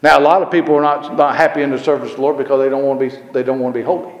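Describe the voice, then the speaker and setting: A man preaching a sermon. He rises and gets louder on scripture and repeats verse references as he goes. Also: medium pitch, steady tone, rapid-fire, dull audio. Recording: roomy hall echo.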